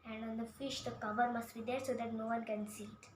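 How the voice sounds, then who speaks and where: A doubting rich master from a children's story quietly gives orders to his servant, as a woman acts him out. The voice sits in a roomy echo with faint background hum. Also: very high voice, flat delivery, fairly quick. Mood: scheming. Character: rich male house owner, doubtful and commanding.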